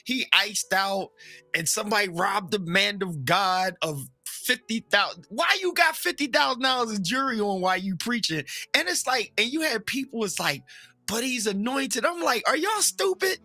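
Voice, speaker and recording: Animated, bright-voiced preacher man talking frankly. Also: sits high, dry recording, faint music behind. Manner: animated, acts out other people's voices; frank and joking, drops into slow emphatic phrasing. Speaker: guest, Baptist preacher. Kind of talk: casual opinionated chat.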